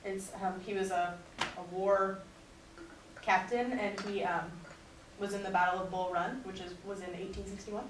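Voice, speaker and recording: A woman's voice: medium pitch, level tone, normal speed. Earnest woman heard from across an echoey room. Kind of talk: class presentation and dramatic letter reading. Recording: echoey room recorded from a distance, faint noise.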